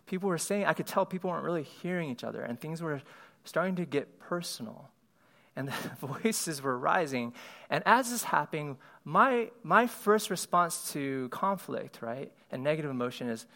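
A man's voice: on the high side, lively intonation, moderate pace, sharp tone. A man giving a conversational sermon, laughing lightly and often asking his listeners "right?".

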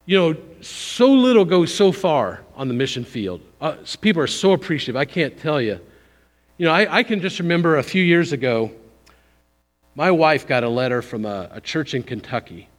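A man giving a conversational, folksy missions sermon in a church, pushing up for emphasis and then dropping low. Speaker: visiting missions speaker. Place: church sanctuary. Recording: long hall reverb.

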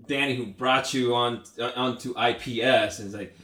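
A man's voice: mid-range voice, normal speed. A man hosting a podcast, chatting casually and chiming in with short agreements. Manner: relaxed, chimes in with short agreements. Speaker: podcast host. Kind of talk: casual chat. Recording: roomy, echoey sound.

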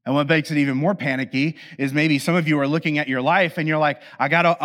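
A man's voice: a little high, steady tone, fast, hardly any pauses, a bit bright. A man giving a conversational sermon, telling a humorous story and acting out exasperated inner voices. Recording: echoey hall reverb.

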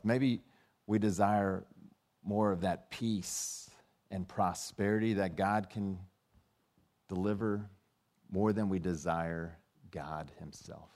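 A middle-aged man preaching a sermon, telling a personal story and acting out the dialogue in it. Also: darkish tone. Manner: storytelling, acts out dialogue with rising and dropping pitch. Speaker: pastor.

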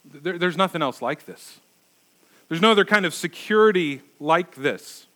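A man's voice: sits high, animated, moderate pace, sharp tone. A middle-aged male pastor preaching a sermon, emphatic and repeating words for stress.

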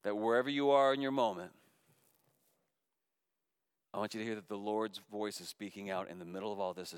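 A man, a middle-aged pastor, preaching a sermon that moves between loud impassioned calls and soft, hushed appeals. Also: fairly low pitch, steady tone, brisk, pauses often, clean tone, no room sound, clean studio sound.

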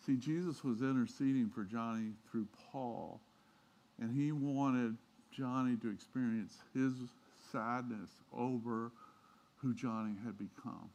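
A male pastor delivers a sermon in a mid-pitched voice. He tells personal stories with real feeling, dropping low and quiet and then rising with emphasis. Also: unhurried, dull audio. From Southern United States. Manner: heartfelt storytelling, swinging from hushed to emphatic.

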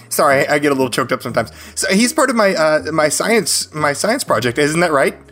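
A man's voice: fairly high pitch, sing-song, moderate pace, fairly bright tone. A man playing a tabletop role-playing game, chattering eagerly and rambling in character. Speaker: player.

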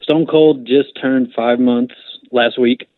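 A man's voice: medium pitch, steady tone, slow, dry recording. Casting: man, podcast guest, crude blunt humor, thin phone-like sound. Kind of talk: casual chat.

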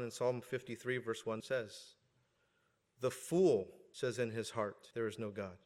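A male pastor preaching a sermon, animated and joking at times, swinging up to loud emphasis. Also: mid-range voice. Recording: long hall reverb.

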